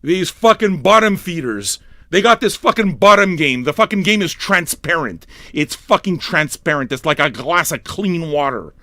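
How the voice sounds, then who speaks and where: A high, bright-voiced man rants hard, swearing nonstop and swinging his pitch wildly as he mocks people. The sound is dry and close, with no room around it. His delivery is loud and rough, cut with sneering impressions. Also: animated, normal speed, no room sound. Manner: swearing, yelling, mocking impressions. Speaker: livestream radio DJ. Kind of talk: profane comic rant.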